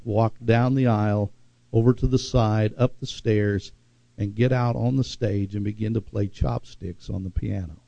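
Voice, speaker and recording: Man, pastor preaching, dramatic pauses, mellow dark tone, dry dull recording. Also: mid-range voice, no echo. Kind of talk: sermon.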